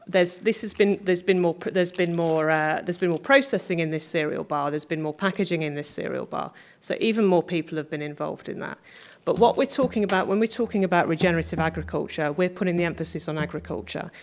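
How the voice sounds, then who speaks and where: A woman on a conference panel with a somewhat low voice. She talks in an easy, conversational way and presses the audience with questions. She wants them to call out answers. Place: conference room.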